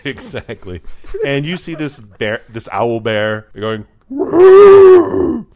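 A young man narrating a tabletop game as game master, in a lively, animated way. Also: fairly low pitch, slow, muffled recording.

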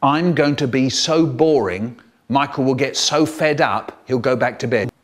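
A man telling comic stories, theatrical and savouring each word, swinging from hushed to loud. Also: mid-range voice, a little slow. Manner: theatrical, savouring words, sudden swings between hush and loud. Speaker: storyteller. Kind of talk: comic storytelling to camera.

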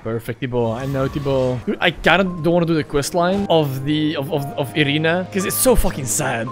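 A young man commentating his own gameplay casually, excitable and crude, with sudden yelps and laughs. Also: a little high, brisk, faint music behind. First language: Dutch. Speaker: streamer. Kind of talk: casual let's-play commentary.

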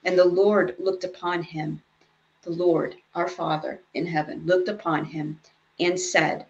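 A woman's voice: lowish voice, vocal fry, muffled recording. A woman leading a casual Bible study, reading scripture aloud and then explaining it in chatty asides.

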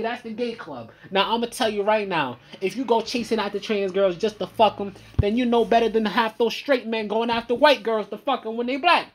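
A man giving a profane reaction rant, heated and swinging between loud outbursts and low muttering. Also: a little hiss or hum. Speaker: commentator.

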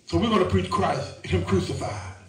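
High-voiced male preacher, echoey church. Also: moderate pace, recorded from a distance. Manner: repeats words and asks the church to agree. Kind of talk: sermon.

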